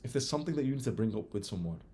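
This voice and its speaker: A man's voice: fairly low pitch, racing, very noisy. Blunt young man. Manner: blunt, swears freely, animated. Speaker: self-improvement creator. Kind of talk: casual monologue.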